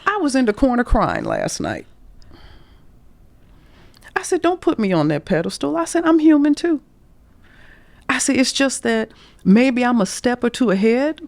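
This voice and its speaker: Speaking in a fairly high voice, this middle-aged woman is a career coach recounting frank stories for a podcast. She's animated, performs the quoted speech, and slips into whispers now and then. The recording is dry.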